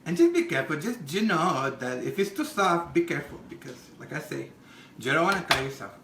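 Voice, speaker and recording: In this comedic cooking demo, a man gives an exaggerated voice to a brassy middle-aged Mexican-American home cook hosting the show. Pitched up, bright and sharp, it swings hugely from squeals to low mutters as she chats a little fast, gossiping, giggling and dropping crude asides over a recipe. There's slight background noise and echo from the kitchen.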